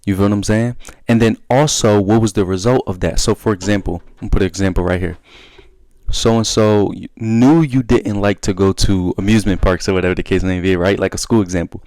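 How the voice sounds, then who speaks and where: Lowish-voiced man giving casual advice. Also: fairly quick, dry recording. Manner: animated, conversational, acts out dialogue. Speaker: self-help video host.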